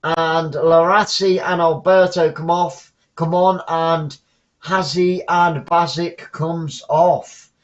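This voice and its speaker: Southern English man, fan commentator, higher-pitched, excitable, muffled lo-fi mic. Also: takes it slowly. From England. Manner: excitable, shouts on goals, chatty asides. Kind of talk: live football commentary.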